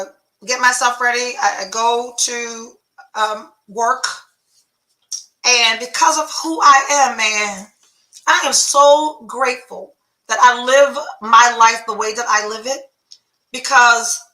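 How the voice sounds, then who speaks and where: A woman's voice: on the high side, pushed and bright, reverberant, low-quality recording. A middle-aged woman, a podcast host candidly retelling a personal story, full of profanity and quoted dialogue.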